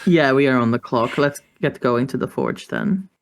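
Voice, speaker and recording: A woman's voice: extremely low pitch, moderate pace. A woman playing a tabletop game, chatting casually and hesitantly, often trailing off. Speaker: player.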